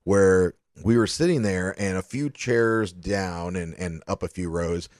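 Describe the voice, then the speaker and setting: A man co-hosts a casual podcast, rambling through travel stories with lots of fillers and a few curse words. His voice sits on the low side, and the recording is dry and close with no room sound. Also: unhurried, darkish tone, no room sound. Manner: loose storytelling, swears freely, lots of fillers. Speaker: podcast co-host. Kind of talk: casual chat.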